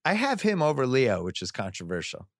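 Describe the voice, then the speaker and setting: A man's voice: mid-range voice, wildly swooping pitch, fairly quick, dry recording, studio quality. A middle-aged man hosting a podcast, chatting casually and jokily with sports metaphors. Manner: jokey, sports metaphors, riffs eagerly. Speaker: podcast host.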